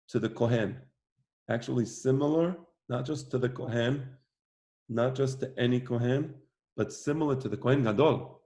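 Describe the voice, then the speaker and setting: A man's voice: medium pitch, moderate pace, dark tone. A man teaching a religious class in an informal, conversational way, often repeating phrases for emphasis. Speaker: rabbi teaching a weekly class. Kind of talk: informal lecture.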